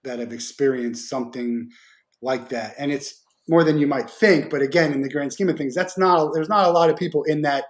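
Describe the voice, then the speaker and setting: Halting male podcast host. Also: a little high. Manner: halting, restarts often while searching for words. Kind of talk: casual interview talk.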